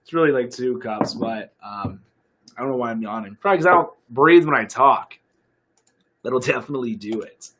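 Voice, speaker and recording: A man's voice: mid-range voice, normal speed, fairly bright tone. A young man, a fitness coach, chatting casually on a livestream and answering viewer questions in an upbeat way.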